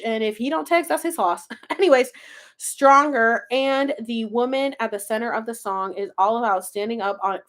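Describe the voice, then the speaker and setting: A chatty woman with a slightly high voice hosts a casual livestream, pulling cards and reading them aloud. She talks loosely and swears freely, laughing between readings. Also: fairly bright tone.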